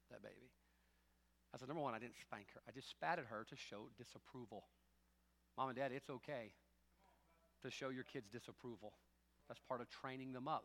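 A middle-aged man preaching a sermon as pastor, shifting between loud, driving preaching and quiet, joking asides. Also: mid-range voice, creaky, long reverb tail. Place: church sanctuary.

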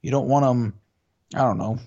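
A podcast co-host chats casually in a mid-range, darkish voice at a normal speed. He tells a rambling story packed with fillers and restarts, and the audio is dull and lo-fi.

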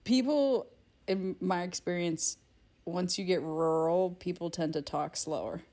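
A woman's voice: on the low side, measured pace, dark tone. A woman co-hosting a film podcast, chatting casually and rambling with lots of filler words. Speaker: podcast co-host.

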